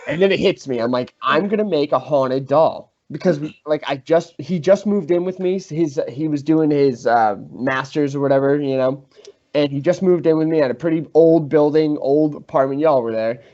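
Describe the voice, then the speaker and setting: Young male podcast host, animated storyteller, somewhat high voice, slightly dull recording. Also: moderate pace. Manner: animated, swearing, acts out quotes. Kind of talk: casual storytelling among friends.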